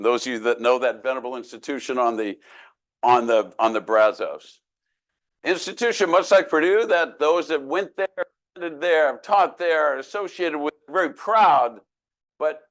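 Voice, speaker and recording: A man in his sixties giving a humorous keynote speech, telling self-deprecating stories with folksy jokes. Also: mid-range voice. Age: 60s. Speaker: keynote speaker.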